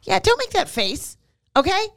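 A woman guest telling stories in a casual chat, animated and laughing, quick to cut in. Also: extremely high pitch, vocal fry, no echo, studio quality.

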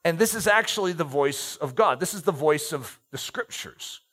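A middle-aged man delivers a sermon in a somewhat high voice. He reads scripture aloud, leaning on key words and slowing for effect. Between passages he tosses in light asides to the congregation. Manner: expressive, slows and stresses key words, joking asides. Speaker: preacher. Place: church stage, handheld mic.

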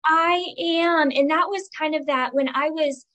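A woman in her forties, a guest on a casual podcast interview, talking earnestly and emotionally with halting restarts. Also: sits high, sharp tone, poor audio. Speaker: guest, virtual assistant.

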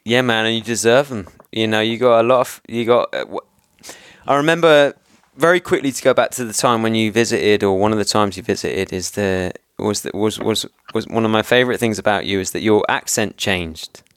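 A man's voice: fairly low pitch, fairly quick, clean tone, no room sound, clean studio sound. An English man hosting a casual podcast chat, rambling and chummy, often laughing as he talks. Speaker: podcast host.

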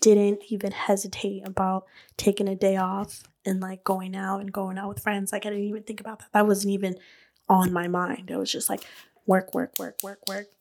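A woman hosting a podcast, telling her own story in a casual, animated way. She fills her talk with "like", laughs often and swears freely. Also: medium pitch, normal speed. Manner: chatty and animated, many "like" fillers, laughs. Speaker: podcast host and beauty business owner.

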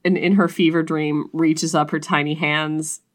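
Animated laughing woman podcast co-host. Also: measured pace. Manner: animated, laughing storyteller with big pitch jumps. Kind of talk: casual chat, reading a book passage aloud.

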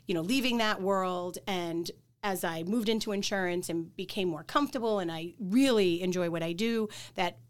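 A woman's voice: on the low side, moderate pace. A middle-aged woman with a Boston accent, a guest chatting casually on a podcast, laughing easily and using lots of fillers. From Boston area. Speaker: insurance agency owner, guest.

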